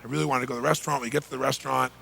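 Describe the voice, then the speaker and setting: A middle-aged man, a motivational speaker, telling a story emphatically, swinging from loud bursts to hushed lines. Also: medium pitch, steady tone, racing, creaky, a little hiss or hum.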